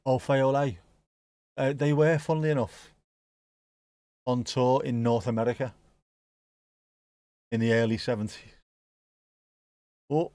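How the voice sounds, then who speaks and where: A man's voice: medium pitch, fairly even intonation, unhurried, pauses often, dark tone, no echo, clean studio sound. A man chatting casually through a live football watch-along, rambling, joking and swearing freely. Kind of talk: casual live match commentary chat.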